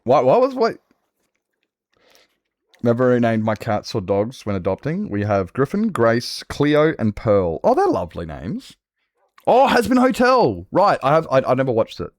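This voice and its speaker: Animated Australian man, casual streamer chat. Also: mid-range voice, normal speed, no echo, studio quality. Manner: animated, rambling, swears freely. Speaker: Minecraft streamer.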